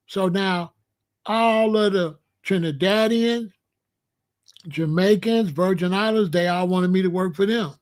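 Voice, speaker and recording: High-voiced man from Chicago telling stories. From Chicago, USA. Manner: animated, slangy, acts out the other people's lines. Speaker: show host. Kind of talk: casual storytelling monologue.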